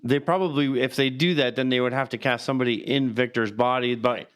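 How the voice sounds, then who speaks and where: Fast-talking podcast guy, smooth voice. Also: medium pitch. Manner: quick, animated, repeats words when excited. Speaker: podcast co-host. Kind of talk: casual chat.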